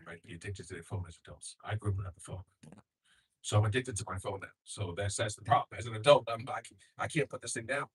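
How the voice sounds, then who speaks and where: A middle-aged man doing a rambling, profane stand-up comedy set, with loud bursts when he acts out other people. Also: on the low side, quick pace, slightly rough, low-quality recording.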